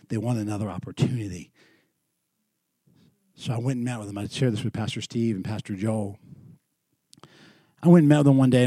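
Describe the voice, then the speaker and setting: A middle-aged man preaching a sermon in a church, moving from loud, lively storytelling to quiet, earnest lows. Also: no room sound, studio quality. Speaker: pastor.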